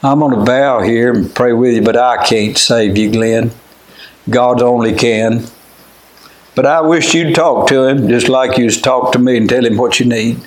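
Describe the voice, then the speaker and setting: A man's voice: medium pitch, fairly even intonation, unhurried. An older man, preaching a homey, plainspoken sermon and telling stories between scripture readings. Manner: plainspoken, homey, quotes scripture in old wording. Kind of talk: folksy sermon with storytelling. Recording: echoey room.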